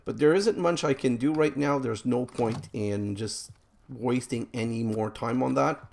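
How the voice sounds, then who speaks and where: A man talks through his let's play session in a rambling, self-deprecating way, often exasperated by glitches and setbacks. His voice has a gravelly edge at a middling pitch. Faint keyboard clicks and typing can be heard behind him. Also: unhurried, background noise. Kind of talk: let's play game commentary.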